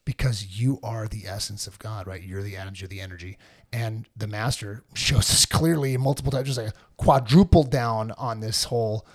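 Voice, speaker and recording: A man's voice: fairly low pitch, moderate pace. A man co-hosting a casual spiritual chat, telling stories with animation and acting out the voices of other people. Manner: animated storytelling, acts out voices. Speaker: podcast co-host.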